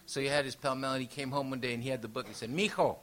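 A man's voice: medium pitch, rapid-fire, very noisy. A man from Mexico, a native Spanish speaker, telling jokey stories to an audience as a panelist. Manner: animated, jokey, laughs often. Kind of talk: comic storytelling to an audience.

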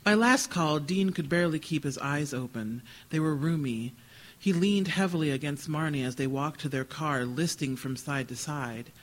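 A man reading literary fiction aloud at a live event. His voice sits somewhat high for a man. He tells the story in a dry, wry way. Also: moderate pace, poor audio. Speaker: author reading.

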